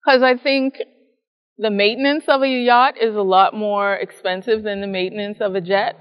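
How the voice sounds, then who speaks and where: A woman from the Bahamas, a psychologist and professor, giving measured explanatory answers in an interview and often ending a point with a tag question. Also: medium pitch, fairly even intonation, clear, resonant tone, long reverb tail, lo-fi sound.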